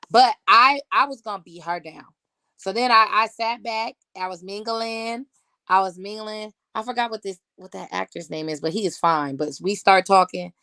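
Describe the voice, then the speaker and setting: A woman in her thirties tells a story as a podcast guest, in a blunt, heated, profane way. Her pitch sits in a middle range. The sound is dry and close, with almost no room around it. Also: moderate pace, bright, forceful tone, no room sound. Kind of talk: casual chat.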